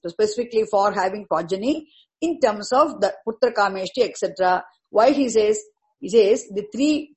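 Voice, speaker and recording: A woman's voice: fairly high pitch, poor audio. A woman teaching a scripture commentary, explaining each term carefully and repeating words for emphasis. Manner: deliberate, repeats terms and explains each word.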